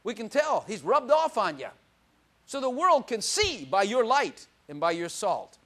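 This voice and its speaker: Animated high-voiced older male preacher. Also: unhurried. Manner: animated, shifts from loud exclamations to quiet asides, laughs often. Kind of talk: sermon.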